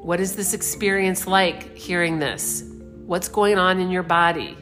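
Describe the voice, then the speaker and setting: A middle-aged woman giving a reflective spiritual talk, meandering and unhurried, gently putting questions to the listener. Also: fairly low pitch, faint music behind. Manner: meandering, unhurried, searching for words. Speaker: spiritual speaker.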